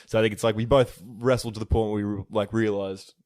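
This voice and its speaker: A man co-hosting a podcast in casual chat, relaxed and agreeable, with lots of fillers. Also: lowish voice, brisk, no echo, clean studio sound. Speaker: podcast co-host.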